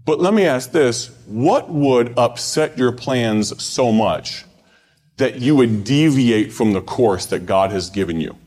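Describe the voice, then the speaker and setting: Impassioned preacher in an echoing hall. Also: male voice, mid-range voice, expressive, slow pace. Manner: impassioned, rhetorical questions, swings between loud and hushed. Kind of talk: live sermon.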